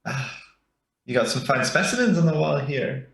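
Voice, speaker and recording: A man's voice: mid-range voice, lively intonation, normal speed, gravelly, a bit bright. A man voicing a laid-back male adventurer in a put-on folksy accent, offering monster parts for sale. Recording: very echoey, distant mic.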